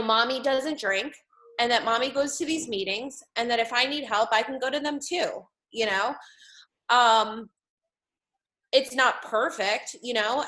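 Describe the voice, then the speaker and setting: A woman in her thirties from New Jersey speaks with a bright, slightly high voice. She tells her personal story openly and warmly as an interview guest, filling her sentences with "you know". Her delivery is candid and heartfelt. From New Jersey, USA. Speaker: guest in recovery, mother.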